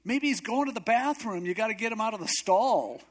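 A cocky, wisecracking prophet, as a preacher puts him on with a slightly high voice. He jeers and dares his rivals in a loose, swaggering tone. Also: lively intonation, unhurried. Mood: mocking. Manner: swaggering, wisecracking trash talk. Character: bold, brash male prophet taunting rivals.

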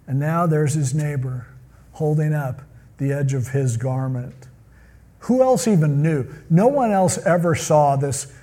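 A man's voice: on the high side, warm tone. A man preaching a sermon in a conversational way, often acting out the people he quotes. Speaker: pastor.

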